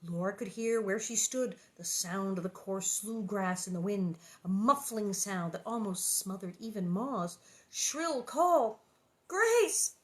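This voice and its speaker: A middle-aged actress reading a children's book aloud to viewers, then chatting casually and animatedly with many fillers. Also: female voice, mid-range voice, measured pace, few pauses, darkish tone. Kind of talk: storybook reading and casual chat.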